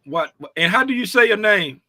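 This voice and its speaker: A man's voice: high voice, lively intonation, moderate pace, bright, forceful tone, no room sound, studio quality. Chatty man hosting a livestream. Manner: chatty, repetitive, drawling, sing-song asides. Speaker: livestream host. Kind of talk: casual livestream chat.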